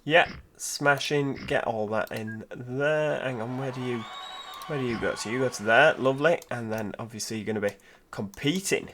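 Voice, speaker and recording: A man's voice: mid-range voice, normal speed, a bit bright, a little hiss or hum. A man giving casual let's-play commentary, thinking aloud and asking rhetorical tag questions. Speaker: gameplay commentator.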